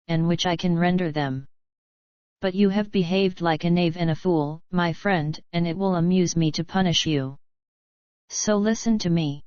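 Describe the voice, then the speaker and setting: A woman reading an audiobook, voicing a cool Englishman who speaks quietly, curtly and sardonically. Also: fairly low pitch, smooth, dry recording, lightly acted. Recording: dry, dull lo-fi recording.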